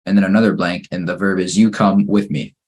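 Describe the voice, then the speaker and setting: A man leads an English grammar class, working through the sentences one by one. His voice sits low and sounds a little husky. He keeps a calm, patient teaching manner. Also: fairly quick. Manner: patient, steady drilling through exercises, praising each answer. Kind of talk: online grammar lesson.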